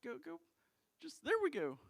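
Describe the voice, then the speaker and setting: A man's voice: very high voice, huge pitch swings, normal speed, creaky, a bit bright. A male pastor preaching a sermon in a church, impassioned and repeating key phrases for emphasis. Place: church sanctuary.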